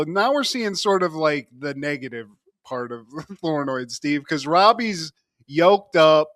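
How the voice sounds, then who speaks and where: A man's voice: high voice, fairly bright tone, no room sound, studio quality. A man co-hosting a podcast, giving a casual, joking recap and often calling his co-host by name.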